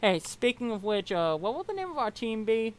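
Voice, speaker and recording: A woman's voice: a little high, very animated, fairly quick, pitched above the performer's own voice, low-quality recording. A woman voicing a scheming, chatty troll girl in a put-on Southern US accent, wheedling and sing-song. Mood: eager.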